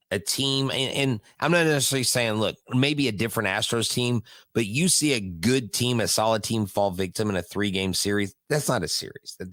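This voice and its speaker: A man co-hosting a sports podcast in casual chat, animated and chuckling as he talks. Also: fairly low pitch, dry recording. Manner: animated, chuckles mid-sentence. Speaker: podcast co-host.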